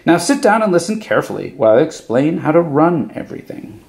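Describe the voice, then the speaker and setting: A man's voice: fairly high pitch, sing-song, fast talker, vocal fry, a little mellow, voice pushed up. A man voicing a businesslike, self-satisfied rival witch in a storybook reading. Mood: instructive.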